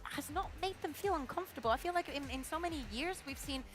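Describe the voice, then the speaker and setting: A woman giving quick, chatty esports desk analysis, restarting her sentences as she goes. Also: high-pitched, lively intonation. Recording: music playing under the voice.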